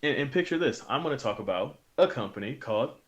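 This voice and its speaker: Male podcast co-host, mid-pitched, emphatic and repetitive in making points. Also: expressive, fast, dull audio. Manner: emphatic, repeats points for stress. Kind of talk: casual chat.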